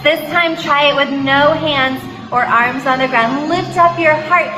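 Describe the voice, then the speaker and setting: A high-voiced woman leads a children's yoga class in a slow, gentle sing-song. Her voice rings in a roomy space, with music playing clearly underneath. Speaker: kids' yoga instructor. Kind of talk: guided kids' yoga class. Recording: roomy echo with music behind. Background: background music.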